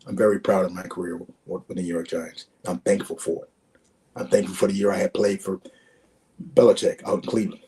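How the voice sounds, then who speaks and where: Man in his 60s, podcast guest, emphatic storyteller who repeats himself and acts out old conversations; husky, mellow tone. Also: sits low, steady tone, fairly quick. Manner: emphatic, repeats words, acts out quoted exchanges. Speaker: guest, former pro running back.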